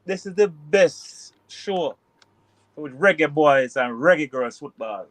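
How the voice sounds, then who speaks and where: A man's voice: fairly high pitch, expressive, slow pace, a bit bright, rough recording. A man with a Jamaican accent co-hosting a casual live-stream chat, joking in loose banter. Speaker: co-host.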